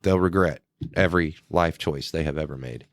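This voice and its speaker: Deep-voiced man, wry storyteller. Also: moderate pace, no echo, clean studio sound. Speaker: podcast co-host. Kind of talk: casual chat.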